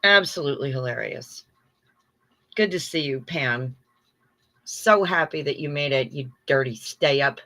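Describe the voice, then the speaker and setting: A woman's voice: rumbling low, measured pace, long pauses, pushed and bright. A middle-aged woman hosting a livestream in casual chat, effusive and chatty as she reads viewer comments aloud. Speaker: livestream host.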